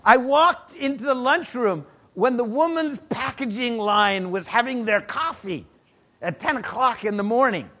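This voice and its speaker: A middle-aged man preaching, his voice sitting high for a man. He tells a personal story in sermon style, lively and animated, rising to loud exclamations and dropping to hushed asides. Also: measured pace.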